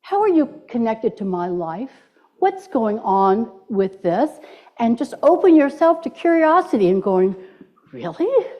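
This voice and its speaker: A woman's voice: on the high side, sing-song, a little slow. A middle-aged woman minister giving a playful sermon in a church and leading the congregation in call-and-response. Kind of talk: sermon with audience participation. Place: church sanctuary. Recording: dull lo-fi church recording.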